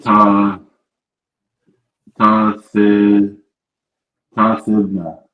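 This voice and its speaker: A man's voice: fairly low pitch, completely flat delivery, drawn-out words, muffled recording. A male student hesitantly sounding out words, heard over a call. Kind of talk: reading aloud syllable by syllable.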